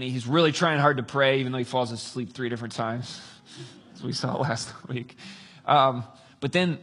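A man preaching a sermon, telling a story with lively, acted-out dialogue. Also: medium pitch. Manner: animated storytelling, acts out voices. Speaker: pastor.

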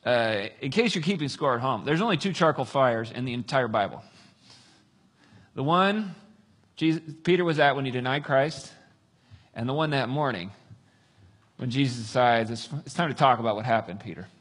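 A man preaching a sermon, telling a story with lively, acted-out dialogue. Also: medium pitch, normal speed, long pauses, breathy edge. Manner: animated storytelling, acts out voices. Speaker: pastor.

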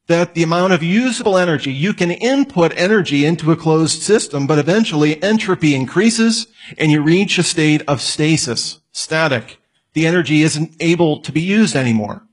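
A man giving a conversational lecture, asking his listeners questions and adding joking asides. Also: fairly high pitch. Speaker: apologetics teacher. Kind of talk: lecture on evidence.

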